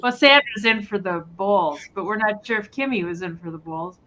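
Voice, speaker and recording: A woman's voice: mid-range voice, expressive, normal speed, slight background noise, low-quality recording. A woman chatting casually as she sells items on a live stream from home, rambling with many fillers. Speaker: live sale seller. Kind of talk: casual live sale chat. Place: at home near the kitchen.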